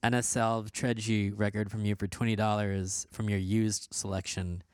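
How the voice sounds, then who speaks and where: A man's voice: fairly low pitch, little pitch movement, moderate pace, a little mellow, clear, resonant tone, no room sound, studio quality. A man co-hosting a radio show, chatting casually and bluntly about records and jumping in often. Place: radio studio.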